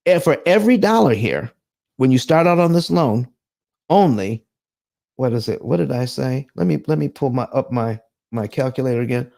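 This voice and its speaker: A man's voice: mid-range voice, lively intonation, moderate pace, creaky, dark tone. A man hosting a live finance stream, talking emphatically in a preacher-like style with dramatic asides.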